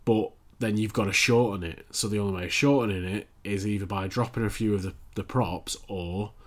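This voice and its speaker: A man in casual chat as a podcast co-host, relaxed, with loose phrasing and restarts. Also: lowish voice, fairly quick.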